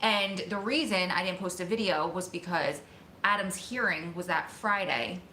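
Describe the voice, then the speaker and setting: A woman vlogger telling a story to her viewers in an excited, emotional, rushing way. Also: on the low side, a little hiss or hum. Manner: excited, emotional, talks fast in bursts. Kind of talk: casual storytelling to camera. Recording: echoey room.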